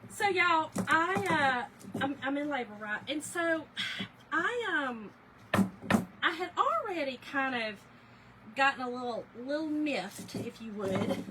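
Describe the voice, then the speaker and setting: Brief: middle-aged woman, animated live-stream storyteller, bright high voice, noisy room with a hair dryer running. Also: takes it slowly. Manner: chatty, animated, laughing, talks to viewers as y'all. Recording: background noise with a hair dryer.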